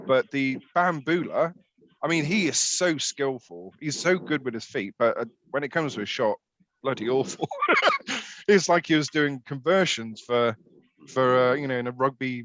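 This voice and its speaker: A man co-hosting a casual fan podcast. He rambles through fillers and restarts and drops the odd swear word, speaking at a middling pitch. Faint noise sits behind him. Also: fairly bright tone, low-quality recording. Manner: rambling, swears, laughs a lot. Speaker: podcast co-host.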